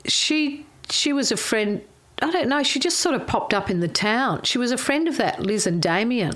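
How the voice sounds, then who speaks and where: A woman's voice: a little high, expressive, normal speed, a bit bright. A middle-aged woman, a former chef telling rambling stories in a casual chat and laughing often.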